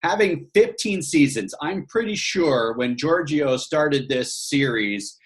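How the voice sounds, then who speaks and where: Male host, upbeat and encouraging, slightly high voice, casual talk. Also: expressive, slow. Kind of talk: casual chat.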